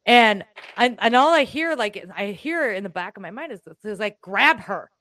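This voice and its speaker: A woman chatting casually as a co-host at home, telling a personal story in an animated, rambling way with restarts and the odd swear word. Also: on the high side, normal speed. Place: room in her home.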